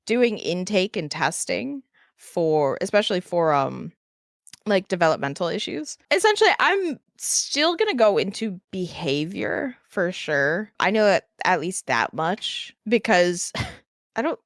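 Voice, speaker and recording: A woman's voice: lowish voice, big pitch swings, a little slow, dry recording, studio quality. A young woman from New York with a Northeastern US accent, rambling hesitantly with fillers as a podcast cohost in casual chat.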